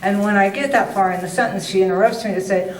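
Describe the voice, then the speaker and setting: An older woman giving a guest talk, telling a funny, self-mocking story in a chatty, animated way. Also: mid-range voice, quick pace. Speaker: guest speaker. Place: meeting hall. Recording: roomy hall, distant mic.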